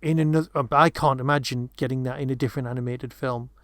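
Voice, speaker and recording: A man's voice: mid-range voice, steady tone, quick pace, fairly bright tone, no room sound. Rambling man, dry close sound. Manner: rambling, many restarts and asides. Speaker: podcast co-host. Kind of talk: casual film discussion.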